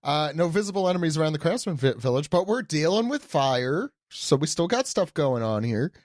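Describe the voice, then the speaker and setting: A man's voice: fairly high pitch, sing-song, fairly quick, darkish tone, no room sound. A man on a podcast recapping a comic chapter, adding dry jokes and playful asides. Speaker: podcast guest.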